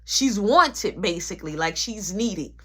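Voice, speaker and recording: A woman telling a story in an animated, slangy way, acting out each scene. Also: medium pitch, unhurried, breathy edge. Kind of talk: casual storytelling vlog.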